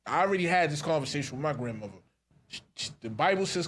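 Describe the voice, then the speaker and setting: A man's voice: on the high side, lively intonation, fast, fairly bright tone, slight background noise. A man with a New York accent co-hosting a podcast, telling stories in a laid-back, casual way. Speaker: podcast co-host. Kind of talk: casual chat.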